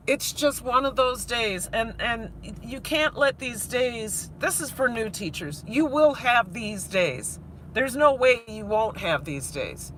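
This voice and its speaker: A woman who teaches high school, vlogging live while worn out after crying, talking earnestly with halting restarts as she reads her chat. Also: fairly bright tone, slight background noise. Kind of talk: live-stream vlog, reading chat.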